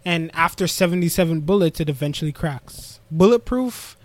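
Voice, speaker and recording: Animated man recapping with character voices. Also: fairly high pitch, normal speed, no echo. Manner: animated storyteller acting out characters' lines. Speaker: podcast co-host. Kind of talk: casual chat recapping an anime episode.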